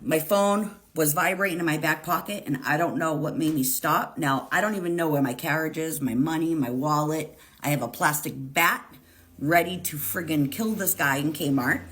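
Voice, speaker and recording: Low-voiced woman telling an intense story. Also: moderate pace, a bit bright. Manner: intense, profane, dramatic retelling. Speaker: storyteller vlogger. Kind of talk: emotional storytime vlog.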